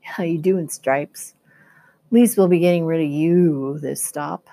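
A woman's voice: low voice, takes it slowly, gravelly, mellow, exaggerated voice. A woman voicing a mean, mocking adult male trucker in a children's book read-aloud. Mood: sneering. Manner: mocking, sneering.

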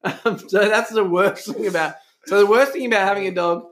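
A man's voice: high-pitched, brisk. A man hosting a church podcast, chatting casually, teasing his guest and laughing often. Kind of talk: casual chat.

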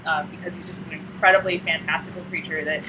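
A woman's voice: sits low, quick pace, background noise. A woman in casual chat, retelling a comic with lots of fillers and acting out the characters' lines. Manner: animated storyteller acting out scenes. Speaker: co-host discussing a comic.

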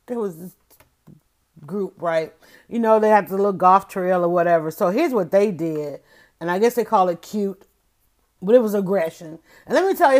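Woman commentator, casual opinion talk, emphatic and animated, mid-range voice, speaks right to her audience. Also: mid-range voice. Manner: emphatic, animated, addresses listeners directly.

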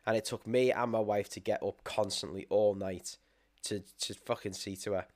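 A man's voice: on the low side, fairly even intonation, normal speed, a little mellow. A young British man co-hosting a podcast, telling stories in casual chat, swearing freely, laughing often and acting out his own thoughts. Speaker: podcast co-host.

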